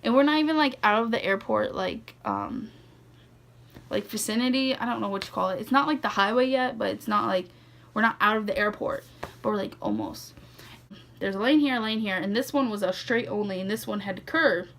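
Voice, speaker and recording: Chatty young woman with a gravelly edge. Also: medium pitch, brisk, fairly bright tone. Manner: rambling, heavy use of "like" and "legit", frequent laughs. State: sleepy, yawning. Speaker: vlogger. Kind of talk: casual storytime vlog.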